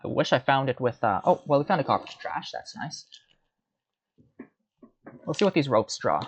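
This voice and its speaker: A man's voice: medium pitch, big pitch swings, normal speed, breathy edge, dull audio. A man giving casual, rambling commentary while playing a card game, muttering and mocking himself.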